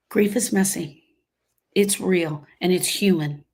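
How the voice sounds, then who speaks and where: Slow and low-leaning, with a slightly mellow tone and breathy edge, a woman's voice leads a live motivational talk on grief. As a grief coach she is emphatic, repeats her phrases, and acts out quoted voices.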